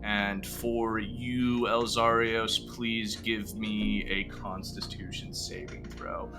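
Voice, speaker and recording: Slow, low-voiced man narrating as dungeon master. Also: level tone, over music. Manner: unhurried, filler-heavy narration. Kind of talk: narrating a tabletop game.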